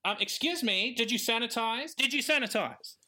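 A man putting on a neurotic, germ-fearing shopkeeper. The voice jumps high and sharp and sounds fretful and insistent. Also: animated, normal speed, heavily acted. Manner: shrill, fretful. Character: anxious fussy man shop owner.

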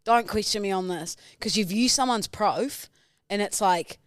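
A woman co-hosting a podcast, teasing and quick in casual banter. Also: mid-range voice, no room sound, studio quality. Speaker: podcast co-host. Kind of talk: casual chat.

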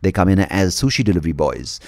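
Man with a gravelly, lively voice. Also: low voice, quick pace, no room sound, studio quality. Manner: rambling, jokey and profane, spinning wild theories; slips into mock-dramatic storyteller narration. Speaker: podcast host. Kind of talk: solo podcast monologue.

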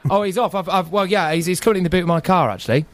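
A man who hosts the next radio show, previewing it in a brisk, joking way. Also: high voice, no room sound. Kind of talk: casual radio chat.

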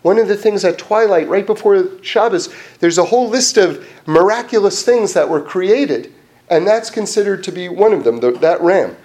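A man giving a casual Torah class, animated and chatty, full of fillers and restarts. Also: high voice, normal speed. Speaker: Torah teacher.

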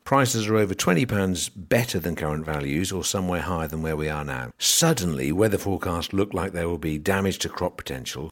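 Low-voiced man, dry and sardonic. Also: animated, brisk, few pauses. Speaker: podcast host on grain marketing. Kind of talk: explanatory podcast monologue.

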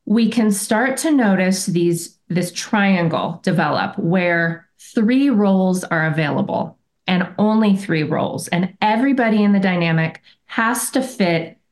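A woman's voice: medium pitch, expressive, unhurried, few pauses. A woman guest on a podcast, telling a personal story in a reflective, earnest way and sometimes restarting her sentences. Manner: reflective and earnest, often self-correcting. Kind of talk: conversational interview storytelling.

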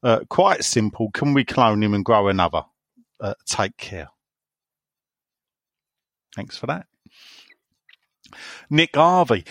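A man's voice: lowish voice, very animated, slow pace, pauses often, fairly bright tone, dry recording, clean studio sound. A man hosting a podcast, reading out listener messages and joking bluntly between them. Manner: jokey, cheeky and blunt. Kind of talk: casual chat.

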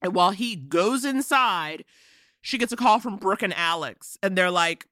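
A woman's voice: medium pitch, moderate pace, dry recording, clean studio sound. A woman co-hosting a comedy podcast, recapping a movie with sassy asides and acted-out character bits. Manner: animated, sassy storyteller who acts out characters. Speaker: podcast co-host. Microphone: podcast microphone.

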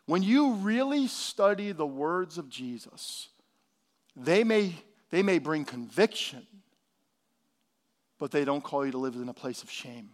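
Pastor, male, high voice, dynamic sermon delivery that swings from hushed to loud. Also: big pitch swings, a little slow. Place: church hall.

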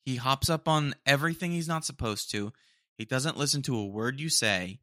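Casual young dude chatting at home, bright tone, dead dry mic, talks loose and slangy. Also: male voice, mid-range voice, normal speed, no room sound. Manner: rambling, slangy, says dude a lot. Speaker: podcast host. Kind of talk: casual solo chat. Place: home room.

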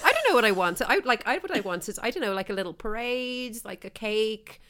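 A woman's voice: a little high, big pitch swings, brisk, fairly bright tone, a little hiss or hum. An Irish woman hosting a podcast, telling gossipy stories in casual chat with plenty of laughter. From Ireland. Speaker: podcast host.

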